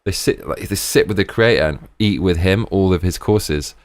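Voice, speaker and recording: A British man hosting a live stream in casual, rambling chat, often breaking into excited exclamations. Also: deep voice, normal speed, no echo.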